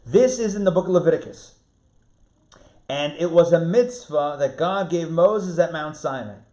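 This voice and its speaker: Lively rabbi teaching a class online. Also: male voice, fairly high pitch, moderate pace. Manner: lively, repeats words and restarts, asks the class questions. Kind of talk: online Torah class lecture. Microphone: video call. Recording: roomy, muffled video-call audio.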